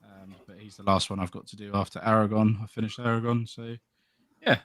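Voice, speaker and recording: A man's voice: on the low side, flat delivery, brisk, fairly bright tone, dry recording. A man co-hosting a hobby podcast, chatting in an easygoing, mildly rambling way about his painting. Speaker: podcast co-host. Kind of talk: casual chat about miniature painting.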